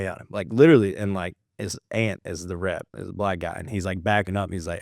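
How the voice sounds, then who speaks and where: Relaxed male podcaster with a lower, deeper register, recorded dry and close, chatty and loose. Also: a little fast, gravelly, no echo. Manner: laid-back storyteller, calls people dude, swears casually. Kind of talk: casual podcast conversation.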